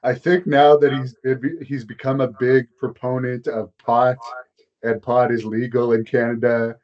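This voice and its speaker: A man hosting a casual interview, chatting in a relaxed, conversational way. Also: medium pitch, unhurried, dull audio. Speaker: interviewer host.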